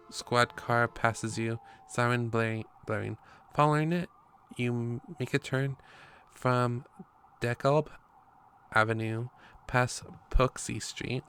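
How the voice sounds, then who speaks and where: A man's voice: medium pitch, fairly even intonation, a little slow, a bit bright, clean tone. A man reading a story game's text aloud in a casual way, with his own asides between passages. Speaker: game player narrating.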